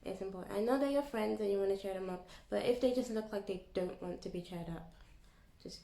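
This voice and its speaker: A young woman chatting casually to her vlog audience in an animated, storytelling way. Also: medium pitch, brisk, gravelly. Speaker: YouTuber. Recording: echoey room.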